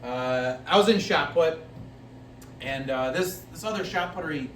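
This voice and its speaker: A man's voice: a little high, moderate pace, reverberant, recorded from a distance, slight background noise. A man doing rambling stand-up comedy that he admits he is making up as he goes, often laughing at his own jokes. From Italian-American family. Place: live comedy venue, heard from the stage.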